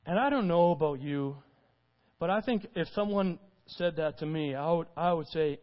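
A man's voice: fairly high pitch, normal speed. A man preaching a conversational sermon, retelling scripture informally in his own words. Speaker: pastor. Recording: dull recording with long hall reverb.

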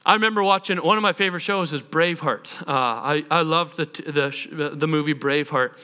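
Male preacher, casual storytelling sermon; smooth, clear tone, bright. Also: on the high side, fairly quick. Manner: animated, self-deprecating, conversational. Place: stage. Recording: long hall reverb.

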